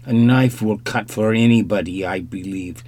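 A man reading an audiobook, voicing a nervous, formal young man with a slight accent in higher, louder tones. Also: normal speed, close to an everyday voice. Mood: formal, earnest.

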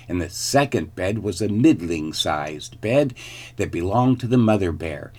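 A man narrates a children's fairy tale, taking his time over each line. His voice sits low and his delivery is slow and deliberate. He reads with clear, storybook expression. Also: a little mellow. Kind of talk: storybook reading.

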